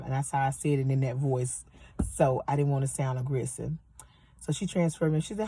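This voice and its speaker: A woman's voice: deep voice, brisk, breathy edge. Heated woman ranting from her car. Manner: heated, profane, animated retelling. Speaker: vlogger telling a story. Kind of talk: angry storytime rant. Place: parked car.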